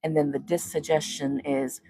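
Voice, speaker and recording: Low gravelly woman reading tarot. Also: level tone, normal speed, warm tone. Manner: chatty, talks to spirit and viewers, hums while shuffling. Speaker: tarot reader. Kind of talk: casual tarot reading to viewers.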